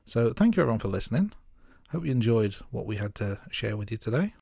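A young man from the Midlands co-hosting a film podcast, measured and wry in casual chat. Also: fairly low pitch, sing-song, gravelly, mellow, slightly rough, no room sound. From English Midlands. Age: young adult. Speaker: podcast co-host.

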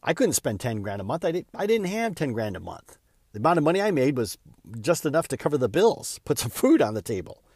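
A man's voice: mid-range voice, sing-song, fairly quick, darkish tone, breathy edge, no room sound, clean studio sound. A man hosting his own podcast, telling a personal story in an earnest, candid way with small stumbles and repeats. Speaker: podcast host.

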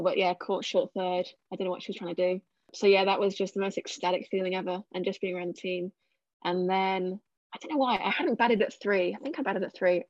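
A woman's voice: on the low side, no room sound. Young English woman, interview guest, chatty and modest, dull dry sound. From England. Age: 20s. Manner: chatty, self-deprecating, many fillers. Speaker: cricketer guest. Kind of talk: casual interview answers.

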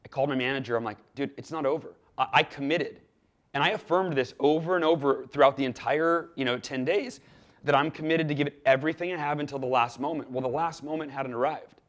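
A man guest on an interview show, telling a story in a lively way and acting out the quoted dialogue. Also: on the high side, fast. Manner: animated, acts out quoted dialogue with lively swings in loudness. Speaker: podcast guest.

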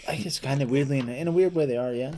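Young male co-host, mid pitch, relaxed slangy banter, light hiss behind. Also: very fast. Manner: laid-back, slangy, laughs easily. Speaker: podcast co-host. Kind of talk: casual chat.

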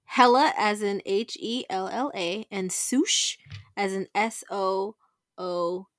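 A woman co-hosting a podcast in easy, slangy chat, laughing often. Her voice sits at a middling pitch. The sound is dry and close-miked. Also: steady tone, slow pace, dry recording. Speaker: podcast co-host. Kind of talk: casual chat.

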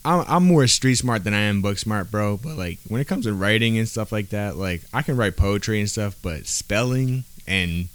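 A man's voice: on the low side, expressive, normal speed, few pauses. A man on a podcast, telling a personal story in casual street slang, with lots of "bro" and "like" fillers. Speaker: podcast guest.

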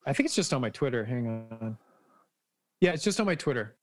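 A male podcast co-host in relaxed, profane conversation. His voice sits in an ordinary middle range, and he talks loosely, laughing along with his partner. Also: mid-range voice, a little fast. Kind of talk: casual podcast chat.

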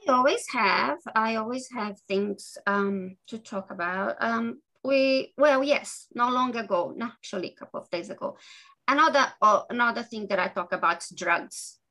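A woman author talking earnestly as an interview guest, halting and restarting her sentences often. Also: a little high, pushed and bright, low-quality recording. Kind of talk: podcast interview conversation.

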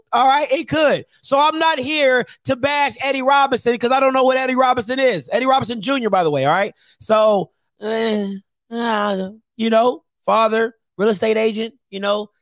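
A man with a very high-pitched, fairly bright voice talks briskly with no echo. He hosts a sports talk show, ranting casually in slang and repeating phrases for emphasis.

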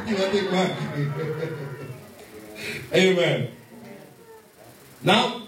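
A man preaching a sermon to a congregation, animated and laughing often as he calls on the listeners to answer. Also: very high voice. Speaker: pastor. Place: church hall. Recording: very echoey hall from far off.

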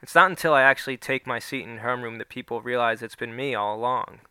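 A man's voice: fast, pushed and bright, clean tone, no room sound. Man reading a first-person story. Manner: voices the characters with small pitch shifts. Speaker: narrator.

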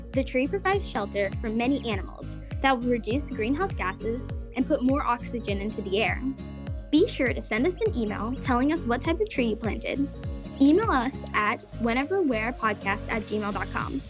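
A woman narrating a children's story and hosting a short segment, in an expressive, friendly way. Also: fairly high pitch.

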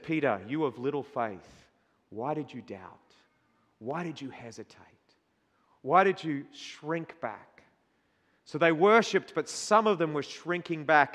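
A man preaching a sermon, swinging between loud, emphatic declarations and quiet, reflective asides. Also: a little high. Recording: long hall reverb.

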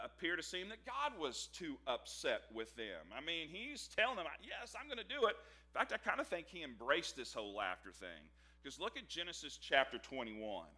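Bright, lively pastor preaching. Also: male voice, a little high. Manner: animated, joking storyteller who acts out the scripture dialogue. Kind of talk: sermon.

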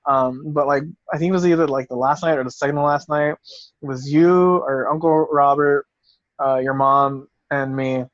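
A man co-hosting a podcast, telling a story in a relaxed, laughing way and swearing freely. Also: mid-range voice, normal speed, no echo, dull audio. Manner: laid-back, swears freely, laughs often. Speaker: podcast co-host. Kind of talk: casual storytelling chat.

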